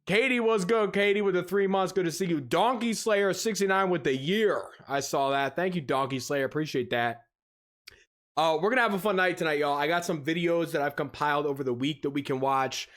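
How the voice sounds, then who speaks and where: A man hosting a casual livestream, greeting his viewers in an animated, teasing way and laughing often. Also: on the high side, a little fast. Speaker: livestream host reacting to videos.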